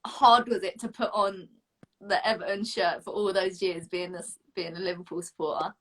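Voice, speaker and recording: A woman's voice: fairly low pitch, fairly even intonation, moderate pace. Chatty young woman host from the South. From Southern England. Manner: chatty, enthusiastic, lots of "like". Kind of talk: casual interview chat.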